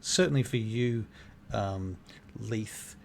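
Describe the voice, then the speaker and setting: A man's voice: fairly low pitch, slow pace, creaky, a little mellow, slight background noise. A man narrating as game master of a tabletop game, hesitant and thoughtful. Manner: thoughtful narration with many fillers and restarts.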